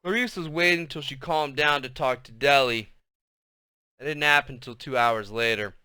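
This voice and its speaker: A man reading a children's chapter book aloud, his voice bright and smooth. He recaps loosely with fillers before settling into a steady read. The sound is close and dry. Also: medium pitch, normal speed, no room sound. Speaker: reader of a children's novel.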